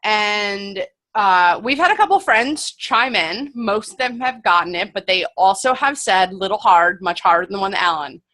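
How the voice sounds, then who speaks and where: Bright-voiced young woman teasing her co-host. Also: mid-range voice, animated. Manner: teasing, quick comebacks. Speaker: podcast co-host, trivia quizmaster. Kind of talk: casual chat.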